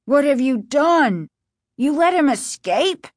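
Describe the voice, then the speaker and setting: A woman's voice: high-pitched, big pitch swings, slow, no room sound, studio quality, pitched above the performer's own voice, full character voice. A woman voicing an angry middle-aged father who bellows accusations in an audiobook.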